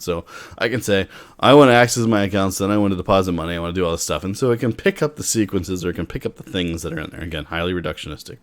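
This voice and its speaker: A man explaining technology in a casual, conversational way, breaking off into wry asides and restarting his sentences. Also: low voice. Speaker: tech speaker.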